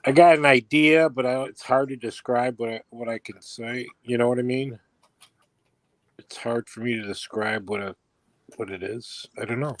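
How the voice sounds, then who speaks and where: Guy fumbling for words, mid pitch, dry sound. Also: fairly even intonation, moderate pace, no room sound. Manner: hesitant, trailing off. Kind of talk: casual chat.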